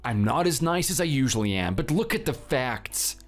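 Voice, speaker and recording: A man's voice: mid-range voice, animated, normal speed, natural voice. A man voicing a husband named Theo in a scripted drama, curt and defensive with his wife. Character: grieving, cold husband Theo.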